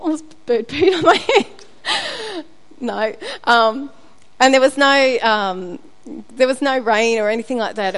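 A woman's voice: fairly high pitch, big-room sound. A woman giving a candid sermon at church, sharing a personal testimony with frequent restarts and fillers. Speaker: speaker at church.

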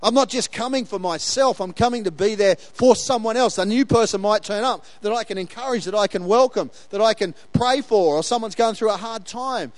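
A man preaching as pastor in a conversational, animated way, often laughing and acting out quoted lines. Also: sits high, fairly quick, hardly any pauses, dry recording. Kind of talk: sermon.

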